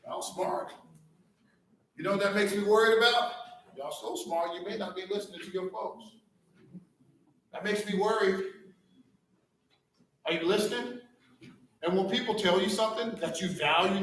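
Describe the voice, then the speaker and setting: Man, district leader, high voice, preacher-like, heard from afar in a very echoey hall. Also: normal speed, long pauses, a bit bright. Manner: preacher-like, fires rhetorical questions at the crowd. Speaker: school district leader addressing staff. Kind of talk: motivational speech to a live audience. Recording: echoey hall from far off with faint noise.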